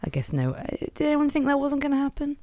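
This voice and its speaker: A woman co-hosting a podcast in a casual chat, chatty and teasing and quick to laugh. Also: sits high, sing-song, warm tone, no echo. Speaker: podcast co-host.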